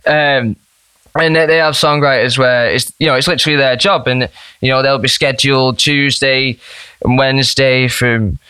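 A man chats loosely about his music, restarting sentences and filling gaps with "you know". His voice is smooth and resonant. The recording is close and dry. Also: medium pitch, steady tone, normal speed, bright, forceful tone, no room sound. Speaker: musician guest. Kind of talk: casual interview chat.

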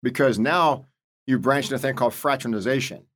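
50s guy, marine leader guest, blunt salty storyteller, mid pitch. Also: fairly quick, fairly bright tone. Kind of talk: storytelling interview.

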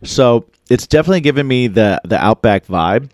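Man, casual food-tasting chat, lively swinging pitch, frequent laughs, dry close sound. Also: brisk, no room sound. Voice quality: laughs often and restarts sentences.

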